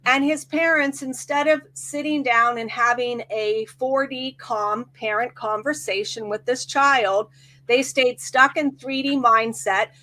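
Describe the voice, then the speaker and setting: A woman's voice: fairly high pitch, steady tone, a little slow, pushed and bright. A middle-aged woman, a hypnotherapist guest, animatedly telling a client story and acting out the quoted voices. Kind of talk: storytelling in casual chat.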